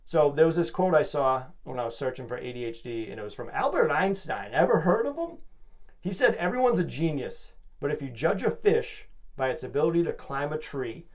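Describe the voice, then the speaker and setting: Rambling jokey young podcast host. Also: male voice, on the high side, lively intonation, brisk. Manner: rambling, jokey, self-hyping. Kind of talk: casual solo podcast monologue.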